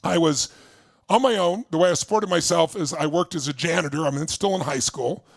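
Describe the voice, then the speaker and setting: Gravelly man firing up a crowd. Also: a little high, a little fast, dry recording. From Southern California. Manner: intense, storytelling, hypes the crowd. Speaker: motivational speaker. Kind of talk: motivational talk to a live crowd.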